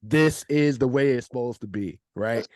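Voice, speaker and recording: A man's voice: mid-range voice, normal speed, a little mellow, no echo. Affirming man hosting a podcast, dry sound. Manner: affirming, asks questions with many restarts. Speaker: podcast host. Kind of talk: casual podcast interview.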